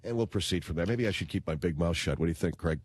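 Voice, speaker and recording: A man's voice: low-pitched, fast talker, breathy edge, dry recording. A man hosting a radio talk show, ranting in a blunt, slangy, indignant way into a studio microphone.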